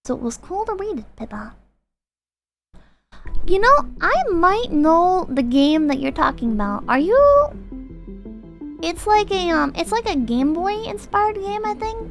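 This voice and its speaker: Young woman streamer, high voice, animated swings, rambly casual chat. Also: measured pace, pauses often. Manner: rambling and self-conscious, heavy use of "like". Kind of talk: casual chat, reading viewer comments. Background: background music.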